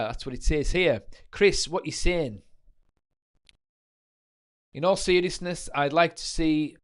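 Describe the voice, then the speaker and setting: A man hosting a late-night football livestream in a casual tone, reading out notes and viewer comments and adding chatty asides. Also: mid-range voice. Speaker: livestream host.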